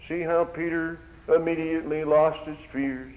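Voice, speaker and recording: A man's voice: fairly low pitch, lively intonation, measured pace. A man preaching a sermon, impassioned, his voice swelling and dropping. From Netherlands. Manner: impassioned, swells and drops in volume. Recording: dull lo-fi recording.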